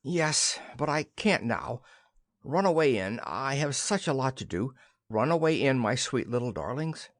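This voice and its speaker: Young wife with a secret, read by a man, pleading, lively pitch, dry close sound. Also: measured pace, no echo. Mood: coaxing. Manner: pleading then brushing off worry.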